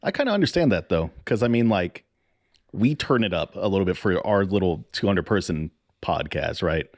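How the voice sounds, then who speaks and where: Laid-back low-voiced man, dry sound. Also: normal speed, dry recording. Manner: animated, profane, laughs often. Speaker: podcast co-host. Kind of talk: casual chat.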